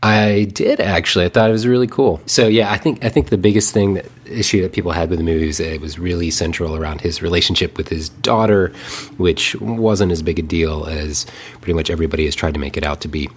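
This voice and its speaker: A man co-hosting a podcast in casual chat, a little congested from a lingering cold, relaxed and rambling with frequent laughs. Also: deep voice, fast talker, hardly any pauses, a little hiss or hum. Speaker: podcast co-host.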